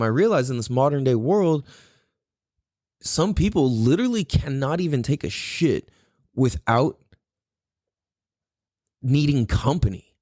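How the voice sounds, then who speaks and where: A man's voice: mid-range voice, a little mellow, no room sound, studio quality. A man hosting a solo podcast, rambling casually, swearing and often laughing. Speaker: podcast host.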